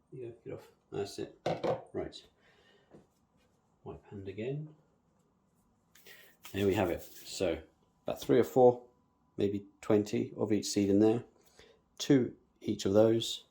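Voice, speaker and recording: A man's voice: lowish voice, dark tone. A man casually talking viewers through a hands-on planting tutorial, chatty and humming little nonsense syllables as he works. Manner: chatty, talks to viewers while working, hums nonsense syllables. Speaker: bonsai planting demonstrator.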